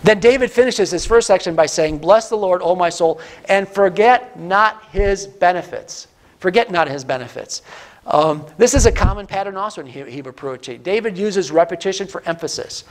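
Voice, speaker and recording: A man's voice: high-pitched, lively intonation, normal speed. A man as a pastor giving a Bible teaching, repeating key lines for emphasis and asking his listeners questions.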